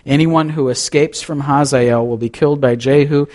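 A man's voice: medium pitch, steady tone, moderate pace, a little mellow. A man preaching a sermon, reading scripture aloud with dramatic rises and drops and adding conversational asides. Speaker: pastor.

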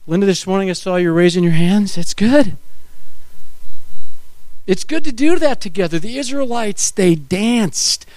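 Male pastor, middle-aged, lively sermon, high voice, swooping pitch, dry close sound. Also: unhurried, pauses often, no echo. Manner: animated, acts out voices and quotes.

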